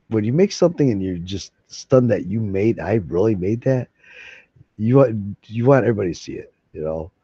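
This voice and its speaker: A middle-aged man with a low, mellow voice rambles through a casual streamer monologue. He swears freely and keeps stumbling and restarting his sentences. The sound is dry and dull, like a lo-fi home setup. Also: breathy edge, no echo. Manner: profane, excitable, full of restarts.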